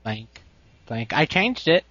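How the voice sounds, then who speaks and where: A man's voice: on the high side, big pitch swings, takes it slowly, pushed and bright, no echo. Young guy cohost rambling, self-mocking, dull lofi mic sound. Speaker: podcast co-host. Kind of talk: casual chat.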